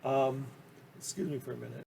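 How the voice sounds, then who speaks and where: A man's voice: mid-range voice, fairly even intonation, fairly quick, gravelly, mellow, slight background noise. A man talking casually about his collecting, rambling and enthusiastic, with frequent ums and restarts. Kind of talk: casual interview talk.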